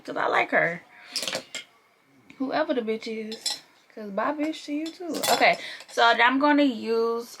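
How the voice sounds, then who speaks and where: Creaky and fairly bright, her mid-range voice carries over slight background noise. The young woman is a beauty vlogger giving a casual makeup tutorial, playful and a touch profane, laughing while she works.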